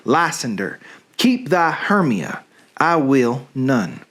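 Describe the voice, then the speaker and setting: A man's voice: mid-range voice, sing-song, takes it slowly, fairly bright tone, pitched below the performer's own voice, exaggerated voice. Demetrius, a man reading a scornful Southern suitor. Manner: reads Shakespeare verse in a put-on drawl.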